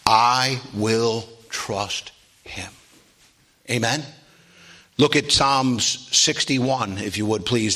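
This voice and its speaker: Man, preacher, bright tense voice, sermon, calls for amens, rises to loud drawn-out preaching. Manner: builds to loud, high, drawn-out preaching with call-and-response; asks the congregation for amens.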